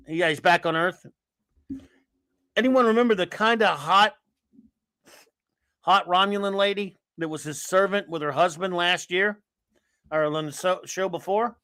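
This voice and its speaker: A man's voice: sits high, a bit bright, no echo. A man hosting a casual live stream, rambling and sarcastic as he greets viewers and rants. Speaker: host of a live stream chat.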